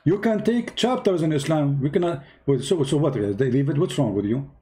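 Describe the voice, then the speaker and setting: A man's voice: on the high side, animated, moderate pace, mellow. A man giving heated, mocking commentary in broken English, scolding and repeating himself. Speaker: host reacting to a video.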